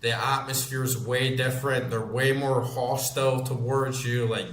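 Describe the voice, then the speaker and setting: A man's voice: medium pitch, little pitch movement, a little slow, hardly any pauses, fairly bright tone, roomy sound. A Scottish man in his thirties, a gaming streamer chatting casually and rambling as he plays, swearing freely. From Scotland. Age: 30s. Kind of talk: casual chat while gaming.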